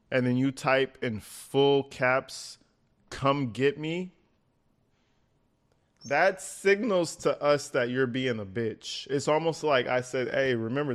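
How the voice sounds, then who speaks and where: A man's voice: medium pitch, a bit bright. Profane sarcastic male streamer. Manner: profane, sarcastic, heavy swearing. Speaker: streamer reading messages. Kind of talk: live-stream commentary.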